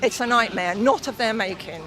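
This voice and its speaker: A woman's voice: a little high, normal speed, rough recording. A middle-aged woman interviewed outdoors at a protest, speaking with emotion and indignation, at times choked up. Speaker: protester, mother of affected resident. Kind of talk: radio interview on location. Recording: crowd noise behind. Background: crowd.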